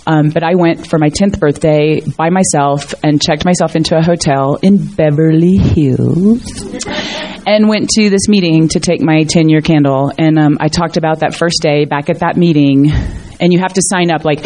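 A woman's voice: low-pitched, mellow. A middle-aged woman giving a candid, earnest personal testimony at a recovery meeting, rambling with many fillers and restarts. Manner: earnest and emotional, mild swearing.

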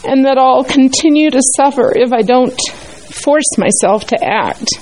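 A woman in a support group, emotionally and haltingly reading a personal letter aloud. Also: high voice, darkish tone, rough recording.

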